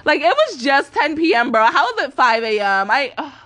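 A young adult woman vlogger rants casually through a profane storytime, her high voice very animated, pushed and bright at a moderate pace. She's been up all night and sounds tired, cursing heavily and leaning on fillers like "like" and "bro."

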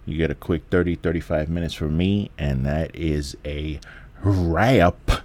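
A man's voice: extremely low pitch, fairly even intonation, normal speed, warm tone. A man, hosting a candid solo podcast from home in a laid-back, rambling, profane way with lots of restarts. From the Bronx, New York. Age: 40s. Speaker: podcast host.

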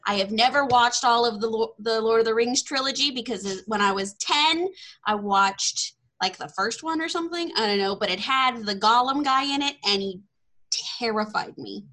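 A bubbly young woman in her twenties from Texas chatting as a podcast host, her voice bright and a touch high. She laughs easily and pokes fun at herself. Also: normal speed. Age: 20s. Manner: bubbly, laughs often, self-deprecating. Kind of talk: casual chat.

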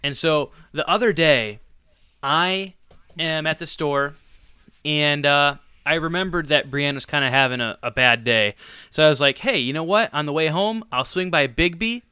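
Lively, bright-voiced podcast storyteller man. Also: a little high, normal speed, clean tone, no echo, clean studio sound. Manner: animated, self-deprecating storyteller with bursts of laughter. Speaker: podcast co-host. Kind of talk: casual storytelling on a sports podcast.

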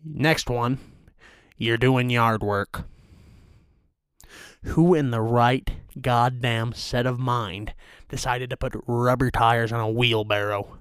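A young man hosting a comedic rant, crude and profane in a deadpan way. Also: mid-range voice, slow pace, long pauses, smooth, dry recording, studio quality. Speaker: host of a rant show.

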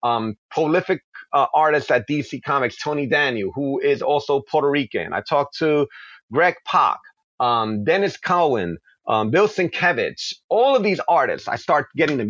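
A man's voice: mid-range voice, animated, fairly bright tone, no echo, highs cut off. A man, a comic book creator, answering interview questions with passionate, flowing stories. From New York. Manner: passionate, quick-flowing, with acted asides. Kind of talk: animated storytelling in an interview.

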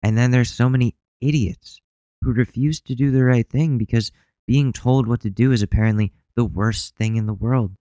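A man's voice: medium pitch, steady tone, moderate pace, mellow, no room sound. A man hosting a solo podcast, talking bluntly and sarcastically with plenty of swearing. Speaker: podcast host.

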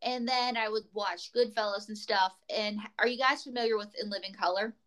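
A woman's voice: mid-range voice, steady tone, fairly quick, a bit bright, low-quality recording. A woman comedian telling rambling, tangent-filled stories as a guest in a casual chat. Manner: rambling, tangent-prone storytelling.

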